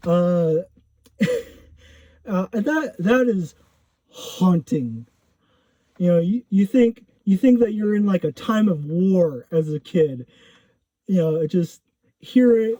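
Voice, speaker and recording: A man's voice: high voice, mellow, no echo. A man casually telling a personal story, rambling with lots of fillers and self-corrections. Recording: dull lo-fi recording.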